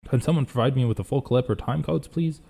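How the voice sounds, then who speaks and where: A man's voice: mid-range voice, fast, creaky, dark tone, breathy edge. A young man hosting a casual live reaction stream, rambling and thinking aloud as he reads chat.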